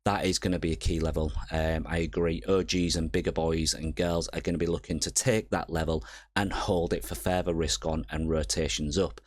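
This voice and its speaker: A man's voice: very deep voice, little pitch movement, fairly quick, no echo. A man hosting a casual crypto market update, walking through charts and often checking in with viewers with "okay?". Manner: chatty, checks in with viewers with "okay?" and "all right?". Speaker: crypto trader and channel host.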